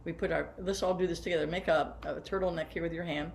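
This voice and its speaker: A woman's voice: on the low side, fairly even intonation, fast talker, gravelly, a little hiss or hum. Older woman band director, coaching seated, demonstrates as she goes. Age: 70s. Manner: warm, hands-on, guiding listeners through exercises. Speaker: band teacher. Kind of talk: workshop lesson for teachers.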